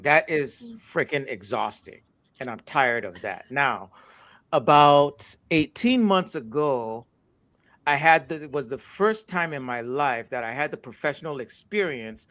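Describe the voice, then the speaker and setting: A co-host with a mid-range, fairly bright voice, a man born in the United States and raised in Nigeria, tells a personal story in casual conversation. He reflects earnestly and restarts often.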